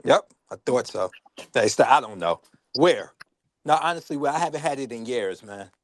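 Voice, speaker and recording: A man's voice: medium pitch, animated, normal speed. Laid-back man defending his home state. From New Jersey. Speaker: podcast co-host. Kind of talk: casual comedic chat.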